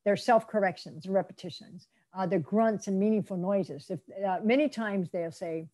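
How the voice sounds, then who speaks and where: A middle-aged woman giving a lecture on interpreting, acting out the people she quotes in lively role-play. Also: mid-range voice, normal speed. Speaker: interpreter trainer. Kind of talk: lecture presentation.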